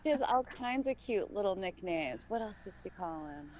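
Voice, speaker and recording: A woman's voice: mid-range voice, expressive, normal speed, darkish tone, lo-fi sound, slight background noise. A woman co-hosting a live podcast stream, chatting casually, blunt and playful and swearing freely. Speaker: podcast co-host.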